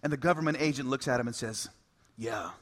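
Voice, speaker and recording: A man preaching a sermon, in an animated, conversational way with bits of humor. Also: medium pitch, rapid-fire, very noisy. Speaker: pastor.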